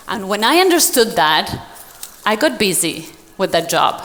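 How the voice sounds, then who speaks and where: A woman's voice: sing-song, unhurried, fairly bright tone. A woman speaker telling a personal story to an audience in a dramatic way, acting out the voices of other people. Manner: dramatic, acts out dialogue with big pitch swings. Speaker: motivational speaker. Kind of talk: storytelling keynote speech. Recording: long hall reverb.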